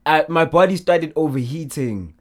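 A man's voice: a little high, normal speed. Laid-back young man chatting. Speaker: podcast co-host. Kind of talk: casual chat.

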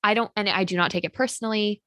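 A woman's voice: mid-range voice, fairly even intonation, quick pace, a bit bright, no echo. A woman hosting a podcast, chatting casually in a practical, filler-heavy way. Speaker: podcast host. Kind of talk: casual chat.

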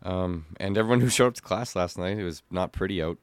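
A man's voice: sits low, quick pace, clean tone, no room sound. A man co-hosting a podcast in a studio, a gym coach chatting casually in short, laid-back remarks. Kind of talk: casual chat.

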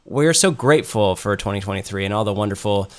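A man's voice: fairly low pitch, expressive, quick pace. A man co-hosting a podcast in casual chat, rambling with lots of ums and restarts. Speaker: podcast co-host.

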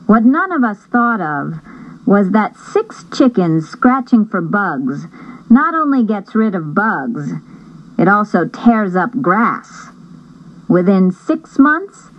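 A woman reading a first-person novel aloud as an audiobook narrator, in a measured storytelling manner. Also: medium pitch, very animated, dry recording, muffled recording.

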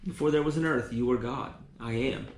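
Male preacher, teaching sermon, halting restarts, roomy reverb. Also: medium pitch, slight background noise. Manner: repeats words often, restarts.

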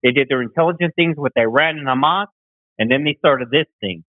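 A man's voice: mid-range voice, a little fast, no echo. A man calling in to a talk show, ranting in a heated, profane, slangy way. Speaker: caller. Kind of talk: casual phone chat. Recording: tinny phone line.

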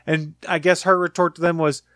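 A man co-hosting a podcast, sharing opinions in a relaxed, casual way. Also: a little high, brisk, no room sound, studio quality. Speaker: podcast co-host. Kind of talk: casual chat.

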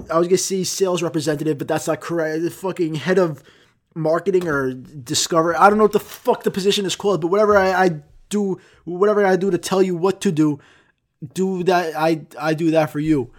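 A young man hosting a solo podcast, ranting profanely and swinging between loud outbursts and low mumbles. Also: fairly even intonation, fairly quick. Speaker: podcast host. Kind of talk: casual solo podcast rant.

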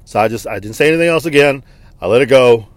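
A man's voice: mid-range voice, animated, quick pace, no echo. A man from Texas telling a personal story in a frank, conversational way, with blunt swearing. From Texas, United States. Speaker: interviewee.

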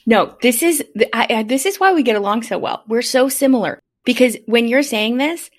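Woman podcast host, eager and chatty, quick to relate. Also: a little high, lively intonation. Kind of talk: casual conversation.

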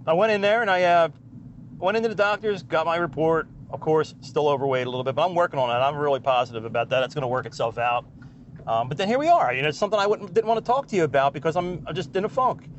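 A middle-aged man telling a rambling story from behind the wheel of a truck. His voice sits a bit high for a man, and he often laughs at his own tales. The sound is dull and lo-fi, with faint road noise under it. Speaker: podcast host. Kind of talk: casual storytelling monologue. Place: in a truck while driving.

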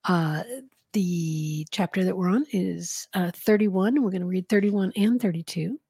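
A woman's voice: on the low side, a little slow, mellow, breathy edge, no room sound, studio quality. A woman hosting a podcast, reading a novel aloud in a casual way with giggly asides. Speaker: podcast host and reader.

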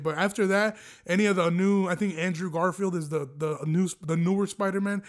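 A young man with a notably high-pitched voice talks alone into the mic as a podcast host. He rambles loosely from one story to the next, swearing freely and breaking into laughter. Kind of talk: casual solo monologue.

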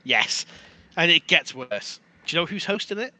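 A British man co-hosting a podcast, ranting and swearing in casual banter, quick to laugh. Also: a little high, sing-song, bright, forceful tone. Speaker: podcast co-host.

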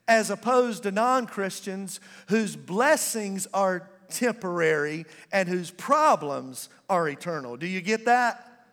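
A man preaches in a church sanctuary, his voice high for a man and his delivery slow and deliberate. He calls on the congregation to answer back and stretches key words for emphasis. The sound carries a long reverb from the large hall. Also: fairly bright tone. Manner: call-and-response preaching, drawn-out emphatic words. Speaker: pastor. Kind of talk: sermon.

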